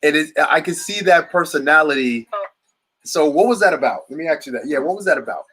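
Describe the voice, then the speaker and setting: A man's voice: on the high side, lively intonation, fairly quick, fairly bright tone, breathy edge. Rambling enthusiastic male podcast host. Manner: rambling, restarts often, enthusiastic. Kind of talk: casual chat interview.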